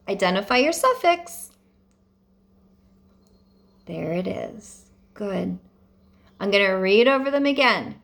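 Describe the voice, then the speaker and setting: A woman teaching young students a phonics lesson, dictating words slowly and carefully with deliberate pauses. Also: medium pitch.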